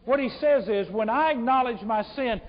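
Male pastor preaching, high-pitched, muffled church recording. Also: normal speed. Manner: preaching with wide swings from loud emphasis to hushed tones; speaks to a congregation, addressing them as folks. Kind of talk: sermon. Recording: muffled church recording with long hall reverb.

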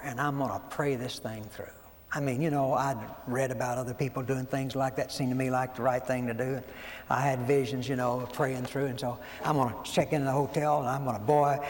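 A man, preaching a sermon as folksy, animated storytelling and acting out quoted voices. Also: mid-range voice, a little fast. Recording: long hall reverb, faint background noise.

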